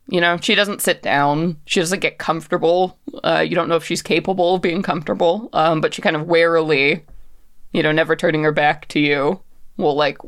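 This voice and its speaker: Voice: mid-range voice, a bit bright. A game master narrating a tabletop game in loose, casual phrasing full of fillers.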